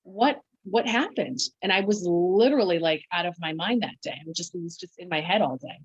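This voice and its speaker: A woman with a lowish voice tells her own story in conversation, stopping and restarting, quoting what she said to herself. The sound is dull and lo-fi, and quite dry. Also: breathy edge, dry recording. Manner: halting, full of restarts and quoted self-talk. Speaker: podcast guest.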